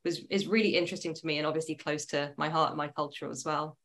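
A woman's voice: low-pitched, fast. A woman from Israel, a chatty, laughing interview guest talking about her work in brand strategy. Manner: lively, laughing, chatty with fillers. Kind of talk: casual interview chat.

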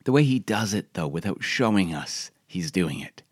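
A man's voice: low voice, lively intonation, normal speed, dry recording, clean studio sound. A man reading his own personal essay aloud in a wry, reflective, conversational way.

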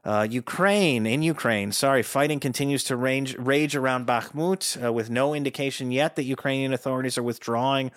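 A man runs through world news on his own, with a dry, sardonic edge and frequent "uh" fillers. His voice sits mid-pitch and is recorded close on a dead, dry mic. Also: a little fast, hardly any pauses, a bit bright, no echo. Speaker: news commentator. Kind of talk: solo world news roundup with dry asides.

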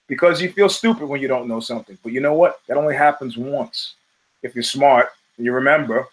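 This middle-aged man, heard over a rough recording, speaks at medium pitch. Hosting his podcast, he wanders through profane anecdotes in a loose monologue, starting over again and again.

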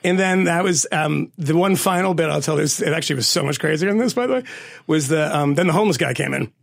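A man with a fairly high, husky voice. He is a podcast co-host who tells stories in casual chat, animated and profane, often laughing through them. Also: fast talker.

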